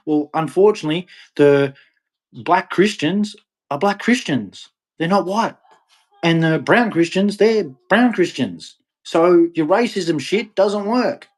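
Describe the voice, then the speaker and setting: A man delivering an impassioned, ranting monologue to camera, with sudden loud, emphatic rises. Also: on the high side. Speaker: vlogger.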